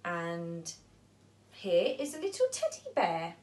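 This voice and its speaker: A woman storyteller at a nursery reading a picture book aloud to young children, animated and asking them questions. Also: lowish voice, slow, slight background noise.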